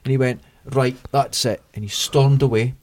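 A Scottish man in middle age co-hosts a podcast, chatting casually in a mid-range voice at normal speed with no echo. He's an animated storyteller who acts out the voices of the people he quotes.

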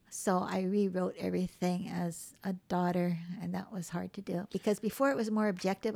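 A woman author from Hawaii telling lively stories about her mother in a casual interview, acting out the voices of the people in them. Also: on the low side, normal speed, gravelly, hardly any pauses. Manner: animated storyteller acting out quoted voices. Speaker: memoir author, guest.

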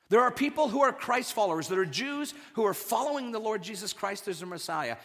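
A man preaching a sermon, animated and repeating words as he builds his points. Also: sits high, brisk, gravelly, hardly any pauses, big-room sound. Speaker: pastor.

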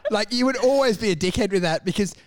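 A man with a notably high voice talks in loose, crude comedic banter. He rambles and swears freely as he spins out absurd scenarios, with plenty of "do you know what I mean" asides. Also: animated, quick pace. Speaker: podcast co-host.

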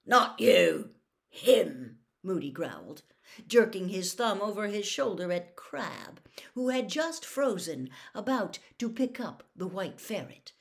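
A woman reading a novel aloud as a storyteller, in an unhurried, expressive manner. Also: medium pitch. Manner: unhurried, expressive, swinging intonation.

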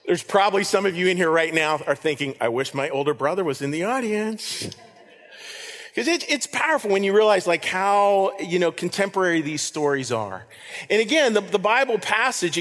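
A man's voice: sits high, expressive, fairly quick, fairly bright tone. A man preaching a sermon as pastor, earnest, repeating key lines for emphasis. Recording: reverberant hall.

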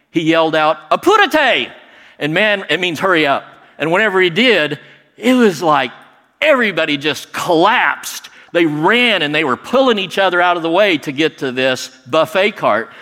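A middle-aged man telling a personal story in a lively, animated way, acting out other people's lines. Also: a little high. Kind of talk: personal story told to an audience. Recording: long hall reverb.

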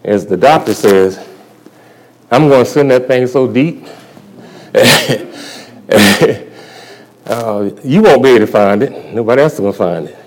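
A man's voice: mid-range voice, unhurried, long pauses, poor audio. A male church elder giving a sermon testimony at a convocation, telling his story in a folksy way and chuckling often.

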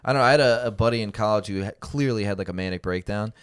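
A man's voice: fairly low pitch, very fast, clear, resonant tone, dry recording. A young man co-hosting a podcast in casual, laid-back chat, swearing freely and acting out what people say. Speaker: podcast co-host.

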